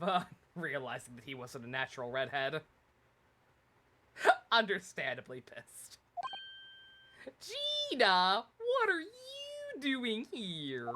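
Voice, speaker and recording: A woman's voice: rumbling low, a little slow, pauses often, a little hiss or hum. A woman playing through a story game, reading lines aloud and ranting with lots of swearing. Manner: animated, swears, reads dialogue aloud. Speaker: streamer. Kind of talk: game playthrough commentary.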